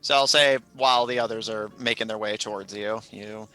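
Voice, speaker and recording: A man narrating as game master of a tabletop game, relaxed and dotted with fillers. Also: lowish voice, a little fast, loud music behind the voice.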